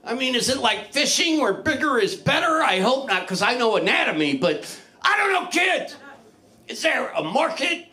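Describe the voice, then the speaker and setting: A middle-aged man doing open mic stand-up comedy in a small club, loose and crude, mocking himself and shouting his punchlines. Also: extremely high pitch.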